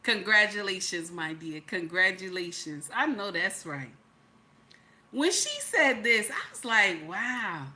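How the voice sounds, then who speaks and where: A woman gives chatty reaction commentary on a vlog, animated and exclamatory and full of asides. Her voice is bright and sits in a mid pitch. She often jumps up high to mimic other people. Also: slow pace. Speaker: YouTube commentator.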